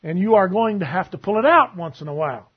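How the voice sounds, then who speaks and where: A man preaching a sermon, telling stories and acting out both sides of a conversation in a husky voice. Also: sits high, animated, quick pace, dull audio.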